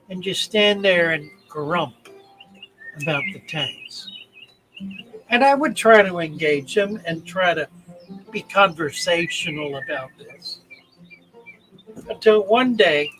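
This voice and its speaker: Slow, bright-voiced older man telling stories. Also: high-pitched, poor audio. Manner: deliberate, emphatic retelling with heartfelt pauses. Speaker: channel host. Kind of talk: storytelling anecdote.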